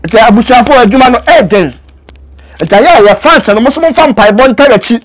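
A Ghanaian actor and native Twi speaker pleads earnestly in a casual interview, moving back and forth between languages. He talks briskly in a very high voice with lively intonation.

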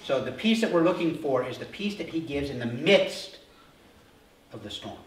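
Male pastor, middle-aged, sermon, animated storyteller, distant mic, faint room hum. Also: medium pitch, moderate pace. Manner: animated storytelling, acting out disciples' voices. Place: church sanctuary. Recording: roomy hall from a distance.

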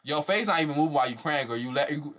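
A young man giving a casual, profane review of a reality show, talking fast and breaking into high mocking voices now and then. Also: fairly bright tone.

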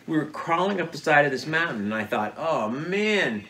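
A man telling his son true hunting stories in a relaxed interview, acting out the dialogue as he goes. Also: fairly high pitch, quick pace. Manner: animated, acts out quoted dialogue. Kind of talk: casual storytelling interview.

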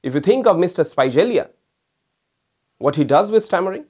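A man with a fairly high voice lectures as a homeopathic doctor. He talks to his listeners as "my friends" and explains his points with demonstrations. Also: lively intonation, normal speed, a little mellow. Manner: addresses listeners as "my friends", mimics stammering patients to demonstrate. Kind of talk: recorded lecture.

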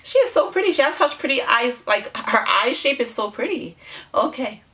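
A woman's voice: high-pitched, big pitch swings, normal speed, bright, forceful tone. A woman hosting a casual reaction vlog, bubbly and giggly, gushing out exclamations to her viewers. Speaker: YouTube reaction host.

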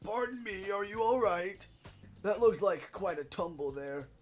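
A man's voice: high voice, a little slow, soft background music. A man doing a polite old wizard. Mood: welcoming. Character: kindly old male wizard caretaker, polite.

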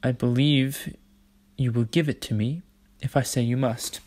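A man's voice: mid-range voice, fairly even intonation, a little slow, a little mellow, close to an everyday voice. A man voicing a haughty, bossy teenage girl in a storybook reading, commanding and falsely sweet. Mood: imperious.

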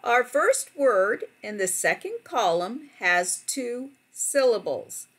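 A woman narrating a phonics lesson for teachers, speaking slowly and carefully as she walks through each word. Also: fairly high pitch, very animated, fairly bright tone. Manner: slow, careful, deliberate word-by-word delivery.

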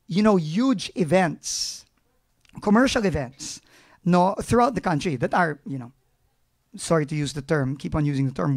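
A middle-aged man with a Filipino accent, a government agency head answering press questions frankly and emotionally, slipping into Tagalog phrases. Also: high voice. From Philippines.

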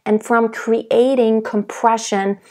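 A young adult woman giving a singing lesson, explaining technique calmly and demonstrating by singing. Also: on the high side, takes it slowly. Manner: calm, explanatory teacher who demonstrates by singing. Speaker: vocal coach.

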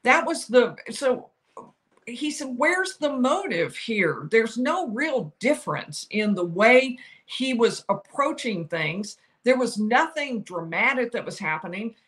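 A woman, older, giving solo legal commentary, explaining each side's arguments and quoting lawyers with animated emphasis. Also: a little high.

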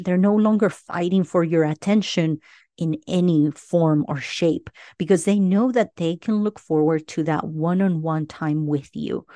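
A woman's voice: on the low side, dark tone, dry recording, clean studio sound. A middle-aged woman hosting a parenting podcast, speaking earnestly and often checking in with "right?". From Latino family. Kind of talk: advice monologue.

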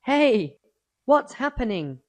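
Curious wide-eyed young boy played by a woman, lively lilting pitch, slow storybook delivery. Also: no echo, heavily acted. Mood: wondering. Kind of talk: children's storybook acting.

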